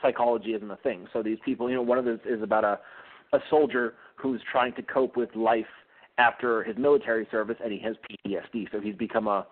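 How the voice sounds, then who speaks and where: A man's voice: on the low side, fairly even intonation, fast talker. A man being interviewed as a guest author, talking eagerly with frequent fillers and restarts over a tinny phone line. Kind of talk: casual interview chat.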